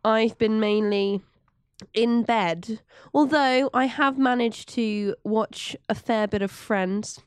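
A woman's voice: fairly high pitch, takes it slowly, clear, resonant tone, no room sound. A woman co-hosting a podcast in casual chat, talking in a jokey, rambling way while congested from the flu. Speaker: podcast co-host.

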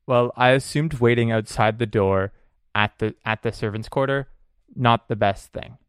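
Man, tabletop player, hesitant and stammering, smooth voice, dry sound. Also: mid-range voice, normal speed, fairly bright tone, no echo. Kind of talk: playing a tabletop game in character.

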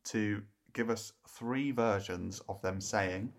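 A woman's voice: very deep voice, fairly even intonation, unhurried, few pauses. A woman co-hosting a podcast, explaining the rules of a guessing game. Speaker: podcast co-host running a game. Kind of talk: casual chat.

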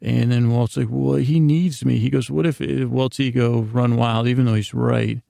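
A man's voice: mid-range voice, fairly even intonation, moderate pace, gravelly, warm tone, dry recording, clean studio sound. A man hosting a podcast, casually retelling a TV episode in a loose storytelling way, full of "he goes" and "like" asides. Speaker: podcast host.

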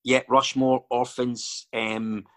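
Speaking slowly with a flat delivery, the Scottish actor and filmmaker has a mid-range voice. In this casual guest chat he spins stories, strays into digressions, and leans heavily on fillers.

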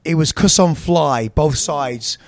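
A man with a fairly high, light voice tells stories in a loose, animated way. He swears freely and wanders from one tangent to the next in casual chat. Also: slow pace, no echo. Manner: animated, swearing, drifting between tangents and impressions. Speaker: guest musician.

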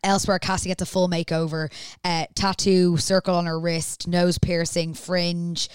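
Low-voiced chatty woman. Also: level tone, normal speed, clean tone, dry recording, clean studio sound. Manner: chatty storyteller, acts out characters' lines. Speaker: podcast host recapping a TV series. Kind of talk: casual chat.

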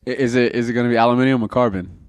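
A man co-hosting a podcast in casual chat, playful and quick to joke and digress. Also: mid-range voice, steady tone, smooth, no room sound. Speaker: podcast co-host.

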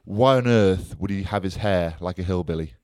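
A man's voice: low voice, moderate pace, a little mellow, no echo, clean studio sound. A man co-hosting a podcast in jokey, teasing casual banter. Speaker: podcast co-host.

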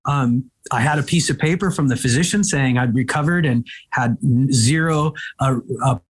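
A man from Egypt, a comedian, telling lively anecdotes in an interview with quick asides. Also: mid-range voice, husky. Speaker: comedian guest. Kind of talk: storytelling interview chat.

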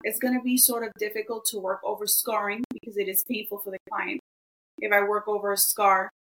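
Bright-voiced woman telling her story. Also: mid-range voice, flat delivery, brisk, poor audio. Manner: earnest, emotional, many "you know" fillers. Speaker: guest, esthetician. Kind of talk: interview answers, storytelling.

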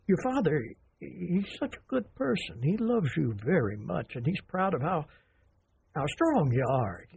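A stern old grandfather, played by a man, speaks in a raspy voice that rises and falls a lot. He sets rules in a firm, lecturing tone, pausing and restarting as he goes. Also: a little high, very animated, a little mellow, heavily acted. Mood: gentle. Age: older. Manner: halting, then firm and lecturing.

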